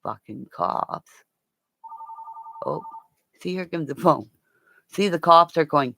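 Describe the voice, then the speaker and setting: A woman with a gravelly, fry-heavy voice that swings widely in pitch, rambling and cursing her way through a casual chat. She talks slowly and keeps turning aside to speak to her pets. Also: expressive, pushed and bright. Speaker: vlogger.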